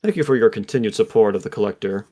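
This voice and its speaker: A man's voice: on the low side, quick pace, warm tone, close to an everyday voice. A man voicing a polite, formal male dragon in human form in a tabletop game. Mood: courteous. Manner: courteous, formal.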